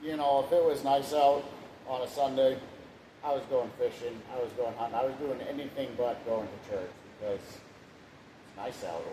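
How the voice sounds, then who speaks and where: A man in his thirties, casually telling his life story in a rambling, plainspoken way, now and then swearing. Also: mid-range voice. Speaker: husband sharing his testimony. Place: room at home. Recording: echoey room with background hiss.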